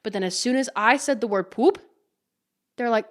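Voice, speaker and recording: A young woman in her twenties from Iowa with a Midwestern accent, hosting a casual podcast chat, giggly and animated, swearing casually. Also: fairly high pitch, normal speed. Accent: Midwestern American. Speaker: podcast host.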